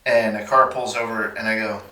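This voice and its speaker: A man from Texas spins a casual story with a bright, forceful voice and plays out the other characters as he goes. The sound is roomy, with some reverb, and he sits back from the microphone. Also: on the low side, a little fast, distant mic, slight background noise. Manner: animated, acts out the voices of people in his stories. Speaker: podcast guest.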